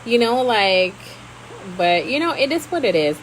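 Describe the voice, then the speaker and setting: A woman's voice: a little high, unhurried, background noise. A woman, hosting a casual live stream, chatting expressively and switching freely between Spanish and English. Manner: expressive, laughs often.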